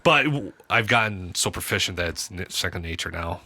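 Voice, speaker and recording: Low-voiced man chatting casually, forceful tone. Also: lively intonation, fairly quick, dry recording. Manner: loose, rambling, with restarts and jokey asides. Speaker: podcast co-host. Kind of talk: casual chat.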